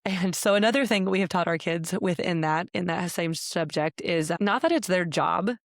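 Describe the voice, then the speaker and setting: A woman's voice: lowish voice, normal speed, dry recording, studio quality. A woman in her thirties co-hosting a podcast, talking earnestly and frankly in a casual chat, often using "like" as a filler. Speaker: podcast co-host. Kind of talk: candid conversational chat.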